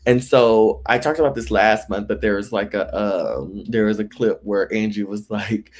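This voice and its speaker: A man with a fairly low speaking voice chats through a casual gossip recap. He talks loosely, full of "like" and "you know," and keeps breaking into shrill, exaggerated impressions when he quotes people. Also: normal speed, hardly any pauses. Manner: chatty, filler-heavy, acts out quoted lines in high voices. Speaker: recap show host.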